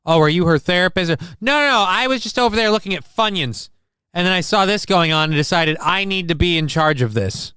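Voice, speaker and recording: A man's voice: high voice, expressive, brisk, pushed and bright, smooth, dry recording, pitched above the performer's own voice. A man putting on a meddling, self-important woman shopper who bosses everyone around. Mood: bossy. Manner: bossy, preachy.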